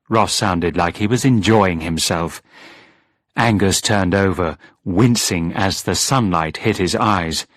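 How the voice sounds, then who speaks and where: A man narrating a storybook audiobook in a measured, expressive reading. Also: deep voice, dry recording, studio quality.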